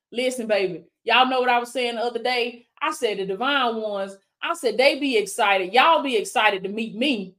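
Woman coach, a bit high-voiced, preacherly live-stream pep talk full of affirmations. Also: a bit bright. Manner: fervent, repeats affirmations, calls viewers baby; preacherly call-and-response with viewers. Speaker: life coach.

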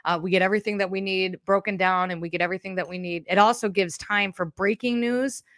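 A woman speaks quickly in a medium-pitched, steady, fairly bright voice, recorded dry with clean studio sound. As host of a live podcast, she gives a casual, rambling monologue, candid and emotional, sounding a bit shaken and teary.

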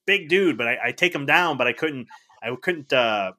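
A middle-aged man as a podcast guest, telling stories in a casual, animated way, acting out the dialogue with frequent restarts. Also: mid-range voice, normal speed. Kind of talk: casual storytelling.

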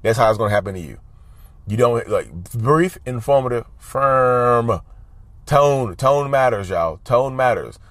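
A man's voice: mid-range voice, lively intonation, measured pace, fairly bright tone, no echo. A man talking casually to his viewers, giving advice in an emphatic, repetitive way and often calling them y'all. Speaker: advice vlogger. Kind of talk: casual talk to camera.

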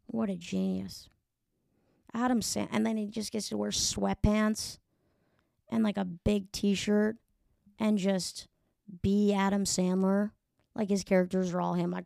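A woman chats alone on her podcast, rambling from one tangent to the next with plenty of swearing and self-mockery. Her voice is thick with gravelly fry at a mid pitch. The recording is close and dry. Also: level tone, a little slow, mellow, no echo. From New York. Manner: rambling, profane, self-deprecating. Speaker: podcast host, comedian. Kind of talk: casual solo podcast chat.

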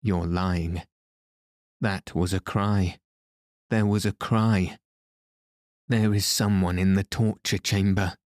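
A man's voice: sits low, flat delivery, slow pace, pauses often, darkish tone, no room sound, studio quality. A man reading the lines of a menacing, jealous masked man in an audiobook, with a threatening delivery.

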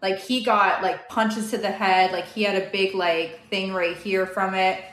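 Young woman telling a story in an echoey room. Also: medium pitch. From Canada. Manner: fast, animated, many "like" fillers. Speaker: guest. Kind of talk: casual storytelling.

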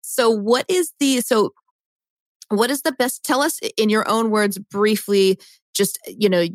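A woman's voice: medium pitch, unhurried, no echo. A woman hosting a casual podcast interview, talking effusively and laughing often. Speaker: podcast host.

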